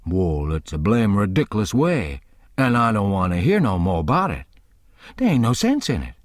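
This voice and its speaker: A man reading an audiobook and voicing a stubborn, earnest grown man who argues slowly and insistently in thick folksy dialect. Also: fairly low pitch, very animated, no room sound, studio quality. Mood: indignant. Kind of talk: audiobook character voice.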